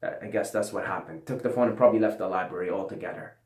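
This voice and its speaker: A man's voice: low voice, fast, a little mellow. A man hosting his own channel, telling a personal story in a casual, profane, ranting way, repeating himself as he goes. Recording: roomy echo.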